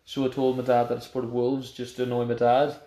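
A laid-back man rambling through a story with plenty of hesitations, his voice sitting at an ordinary middle pitch. The sound is roomy and echoey. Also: monotone, fast talker, mellow. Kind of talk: casual banter. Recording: roomy echo.

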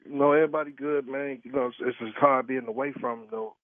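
A man's voice: medium pitch, big pitch swings, quick pace, gravelly, no room sound. Man on a tinny phone line, blunt. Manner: blunt street slang, swears, keeps asking who is calling. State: tired from work. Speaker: prank call target, truck driver. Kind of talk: phone conversation.

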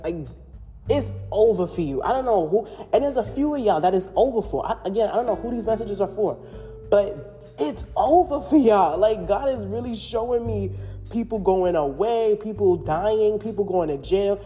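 A woman's voice: medium pitch, animated, normal speed, mellow. A woman hosting a spiritual podcast, talking in an emphatic, rambling, preachy way with many restarts. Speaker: podcast host. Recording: long hall reverb with faint music.

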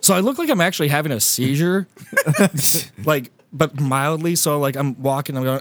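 A man's voice: a little high, expressive, moderate pace, dry recording. A young man animatedly telling a funny story as a podcast host, laughing often and swearing. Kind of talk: casual storytelling.

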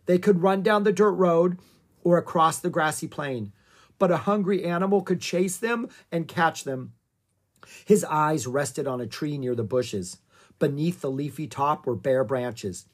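A reader narrating a children's adventure book at an unhurried pace. The voice is soft and breathy, and the telling stays calm and even. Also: medium pitch. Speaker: audiobook reader.

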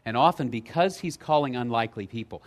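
A man preaching a sermon as pastor, telling a story with lively energy, dropping low and quiet for emphasis and rising loud in the retelling. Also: fast. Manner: lively storytelling, checks in with "right?".

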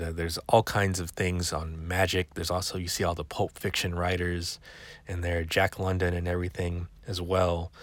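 A man's voice: low-pitched, a bit bright, no room sound. A man hosting a podcast, rambling in a chatty, wry way. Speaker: podcast host. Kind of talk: casual chat.

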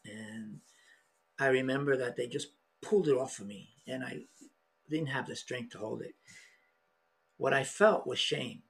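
A middle-aged man telling a personal story in an emotional, halting way, with many restarts. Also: mid-range voice, gravelly, slightly rough. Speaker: podcast guest.

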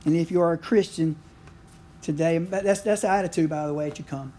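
A man's voice: fairly high pitch, fairly quick, dark tone. Folksy man preaching a sermon. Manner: folksy, conversational preaching with frequent asides. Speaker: pastor.

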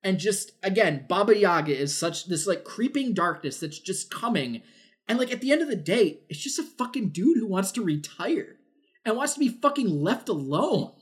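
A man's voice: high voice, very animated, moderate pace. A man reviewing a film on a podcast in casual chat, rambling with lots of "like", swearing and acting out quotes. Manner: rambling, full of "like", swears often, acts out quotes.

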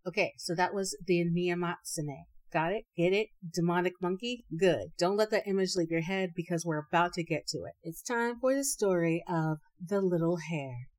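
A woman storyteller reading a folk tale aloud, with playful, animated asides. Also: fairly low pitch, moderate pace, few pauses, low-quality recording.

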